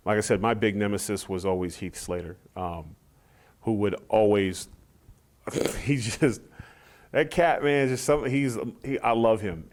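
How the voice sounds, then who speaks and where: In a casual shoot interview, a middle-aged male former wrestler spins animated stories. He acts out what other people said, putting on high voices for their quotes.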